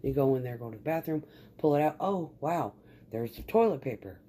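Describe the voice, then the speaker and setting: A woman's voice: extremely low pitch, animated, brisk, warm tone, slight background noise. A woman chatting casually in a vlog about remodeling her home, rambling and swearing freely. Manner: rambling and profane.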